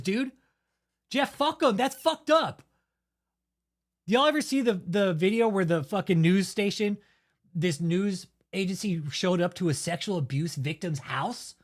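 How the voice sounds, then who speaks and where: A man hosting his own channel, delivering a heated, heavily profane and blunt rant of commentary. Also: high-pitched. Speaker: channel host. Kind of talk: angry ranting commentary.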